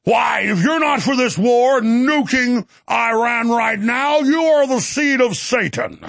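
A man putting on the voice of a pompous, preachy male zealot, declaiming in a mocking, drawn-out way. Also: extremely high pitch, expressive, gravelly, a bit bright, full character voice. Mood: mocking bombast.

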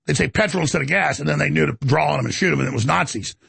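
A man hosting a talk show, ranting in a rambling, animated, indignant monologue. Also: on the high side, racing, vocal fry, slightly rough, no echo.

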